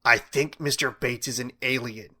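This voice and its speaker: A man's voice: medium pitch, steady tone, normal speed, pushed and bright, slightly rough. A man reading the part of a wisecracking, imaginative teenage boy in a playful, conspiratorial way.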